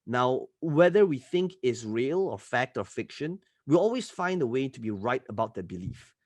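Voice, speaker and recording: A man who is a podcast guest and entrepreneur, telling stories in an animated, emphatic way and often tagging his points with "right?". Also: medium pitch, moderate pace, no echo. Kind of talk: podcast interview storytelling.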